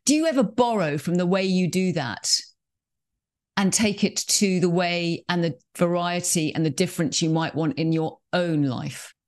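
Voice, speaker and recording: A woman's voice: fairly low pitch, normal speed, a little mellow. Thoughtful woman podcast host. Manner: thoughtful, probing questions. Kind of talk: podcast interview.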